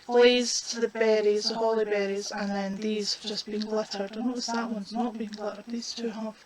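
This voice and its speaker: A woman's voice: medium pitch, flat delivery, crowd noise, poor audio. A woman, chatting casually while demonstrating a colouring craft. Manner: chatty, unhurried, talks while working.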